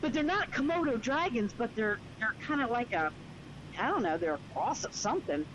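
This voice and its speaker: A woman's voice: fairly high pitch, expressive, fairly quick, dull audio, background noise. A woman co-hosting a comedy podcast, telling a story in a rambling casual way full of fillers. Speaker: podcast co-host.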